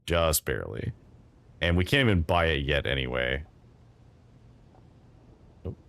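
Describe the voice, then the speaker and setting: A man's voice: extremely low pitch, sing-song, measured pace, a bit bright, no room sound. A man casually commenting on his game as he plays, chatty and thinking aloud with fillers. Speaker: game streamer. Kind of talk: casual let's-play commentary.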